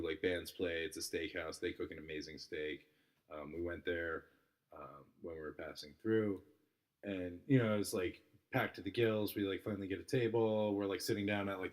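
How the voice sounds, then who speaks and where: A man chatting as a podcast guest, telling stories with many fillers and acting out the people he met. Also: deep voice. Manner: filler-heavy, animated, acts out people he talks about. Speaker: podcast guest, tarot reader. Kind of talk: casual storytelling chat.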